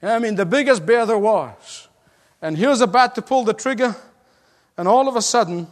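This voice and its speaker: High-voiced preacher in an echoing hall. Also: male voice, animated, normal speed, long pauses. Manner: emphatic and repetitive, often laughing. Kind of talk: sermon.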